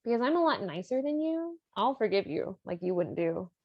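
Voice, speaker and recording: A woman voicing a gracious, forgiving noblewoman, talking in a gently reproachful way. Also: medium pitch, big pitch swings, fairly quick, no echo, muffled recording.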